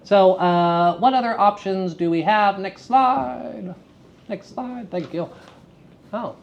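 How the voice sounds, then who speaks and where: A man lecturing acting students at a school workshop, animated and playful, leading them in call-and-response drills. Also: sits high, takes it slowly, creaky, highs cut off. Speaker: acting teacher. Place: school theater festival workshop room.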